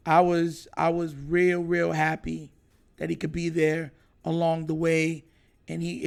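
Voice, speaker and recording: A man hosting his own podcast, telling a story casually and acting out excited moments. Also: on the high side. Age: adult. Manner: animated, retells others' lines with raised excited voice. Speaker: podcast host.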